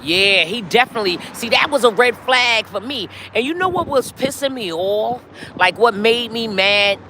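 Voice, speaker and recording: Her voice sits on the high side, expressive and sharp-toned, moving at a normal speed over slight background noise. She's a middle-aged woman from New York running a casual live stream on a city street, talking directly to viewers with lots of "y'all."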